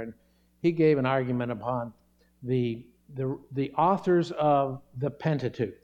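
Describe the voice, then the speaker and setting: A man's voice: mid-range voice, darkish tone, lo-fi sound. A middle-aged man pastor delivering a sermon, earnest and emphatic, stressing key words.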